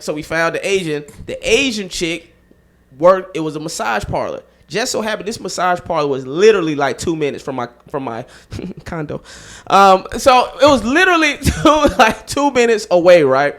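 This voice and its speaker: A man hosting a comedy podcast, telling a profane story and acting out the people in it with loud bursts. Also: sits high, expressive, normal speed. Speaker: podcast host.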